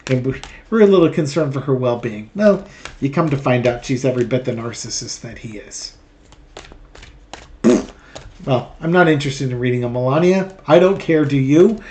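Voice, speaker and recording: Chatty tarot host, laughing asides. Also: male voice, mid-range voice, animated, brisk, a little mellow, a little hiss or hum. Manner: chatty, laughs often, self-correcting asides. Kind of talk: casual chat.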